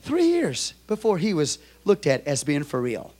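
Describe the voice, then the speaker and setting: A man with a Texan accent preaching a sermon as pastor, moving from quiet storytelling to loud, shouted exhortation. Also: fairly high pitch, huge pitch swings, a little slow.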